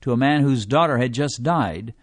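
A man reading a devotional teaching in a measured way, slowing down to stress quoted scripture. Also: mid-range voice, no echo. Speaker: preacher.

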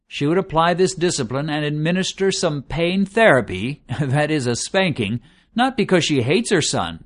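A man preaching a sermon, earnest and measured. His voice sits a little higher than most men's, and he slows right down to lean on each word in a list. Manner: measured, earnest preaching with slowed emphatic lists.

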